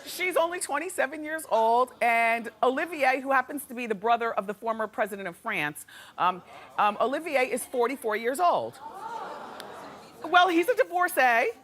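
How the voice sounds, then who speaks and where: A woman hosting a talk show, delivering an animated, sassy gossip monologue to a studio audience. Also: high voice, moderate pace. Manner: animated, chatty and sassy, laughing often. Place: television studio with a live audience. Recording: studio with audience noise behind.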